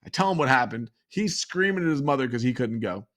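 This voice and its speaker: A man from New York spins a long story as a podcast guest, his voice sitting in an ordinary middle range. He's an animated teller who slips into quick voices for the people he describes. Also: medium pitch. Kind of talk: storytelling in a conversation.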